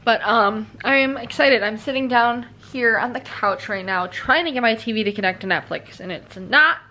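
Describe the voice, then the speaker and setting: A woman's voice: on the high side, moderate pace, sharp tone, a little hiss or hum. Young girl vlogging from her couch, slight lisp, lots of ums, rambly and chatty. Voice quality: slight lisp from a new tooth crown. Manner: chatty, rambling, many fillers. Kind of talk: casual vlog chat. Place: living room at home, on the couch.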